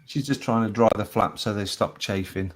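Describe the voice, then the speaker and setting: A man's voice: lowish voice, normal speed. A man hosting a live show, reading out viewer captions and laughing often between them. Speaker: host.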